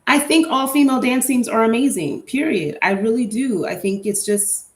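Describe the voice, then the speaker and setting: A woman's voice: a little high, moderate pace. Chatty, opinionated woman podcaster in an echoey room. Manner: chatty, candid, opinionated, lots of fillers. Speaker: podcast host. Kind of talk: casual solo podcast chat.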